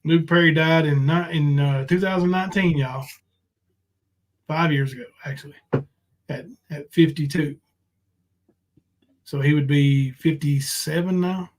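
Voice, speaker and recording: A man's voice: a little high, fairly even intonation, unhurried, long pauses. A man hosting a livestream, rambling casually and hesitating. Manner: rambling, hesitant, with many fillers.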